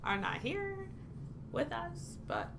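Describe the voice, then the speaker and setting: A woman co-hosting a relaxed podcast, giggling often as she talks. Her high voice leaps around in pitch, and her tone is bright and clear. Her chatter is loose and casual. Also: slow pace, slight background noise. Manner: giggly, laughs often between lines. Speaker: podcast co-host. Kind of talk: casual chat.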